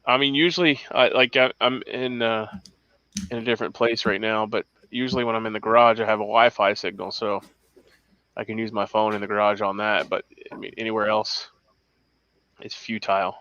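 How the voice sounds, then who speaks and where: Bright, crisp man on lo-fi audio. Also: fairly low pitch, fairly even intonation, a little fast, dry recording. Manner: rambling, restarts often, shows gear. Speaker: host. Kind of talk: casual livestream chat.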